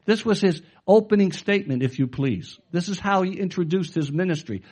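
A middle-aged man preaching as a pastor, his voice pitched a little above most men's. He delivers the sermon emphatically, reads out scripture and throws questions back to the congregation. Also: brisk, a little mellow, slightly rough.

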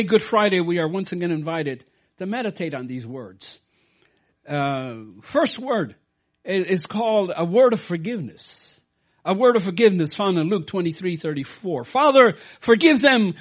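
Animated high-voiced man preaching. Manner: swings from quiet asides to loud emphatic preaching. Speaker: pastor. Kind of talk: sermon.

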